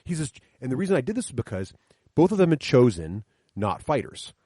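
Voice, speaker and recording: A middle-aged man talks enthusiastically about running tabletop games for his children, walking through the rules one step at a time. His delivery is quick, with lively swings in pitch. The sound is dry and close. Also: dry recording. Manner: enthusiastic, explains rules step by step, acts out players' lines. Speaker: podcast guest explaining his tabletop games with kids. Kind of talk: animated storytelling chat. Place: coffee shop, sit-down chat.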